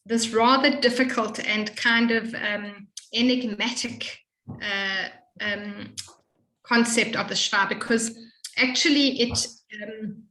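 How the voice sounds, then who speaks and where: A woman tutoring a student in Hebrew reading, explaining patiently and slowly modeling each sound. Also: on the high side, steady tone, pushed and bright, reverberant, low-quality recording. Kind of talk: one-on-one reading lesson.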